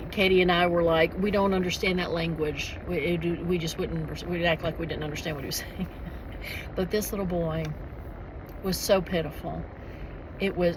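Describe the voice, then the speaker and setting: A woman's voice: fairly low pitch, slight background noise, rough recording. A middle-aged woman chatting casually in a vlog, rambling with frequent restarts and laughs. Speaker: author and vlogger.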